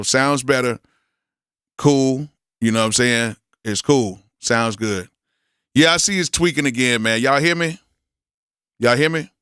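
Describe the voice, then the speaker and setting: A man in his forties hosts a live stream in a loose, offhand way. His voice is bright and smooth, recorded close and dry. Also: mid-range voice, no echo. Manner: relaxed, talks to himself and chat with slang. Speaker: livestream host reviewing beats. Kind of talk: casual live-stream chat.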